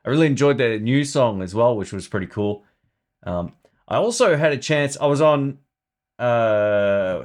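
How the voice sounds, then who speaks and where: A man's voice: fairly low pitch, a little mellow. A man hosting a casual live stream about guitar gear, chatting loosely and thinking aloud.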